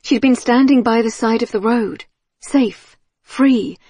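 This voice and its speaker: A woman reading an audiobook thriller in a measured, tense storytelling manner on a close studio mic. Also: a little high, warm tone, slightly rough, no echo. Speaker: audiobook narrator. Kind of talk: scripted audiobook narration.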